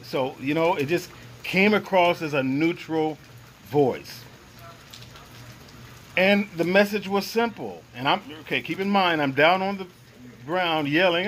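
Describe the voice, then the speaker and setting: A man's voice: fairly high pitch, lively intonation, unhurried, pauses often, a bit bright, a little hiss or hum, rough recording. A man earnestly recounting a personal experience in first person, reflective and searching for the right words. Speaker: guest sharing a personal experience.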